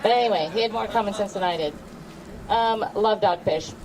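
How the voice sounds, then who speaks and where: A woman's voice: mid-range voice, fairly quick, background noise. Chatty middle-aged woman, heard from far off. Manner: fond, chatty, laughing at herself. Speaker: hasher giving a memorial tribute. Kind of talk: casual memorial speech.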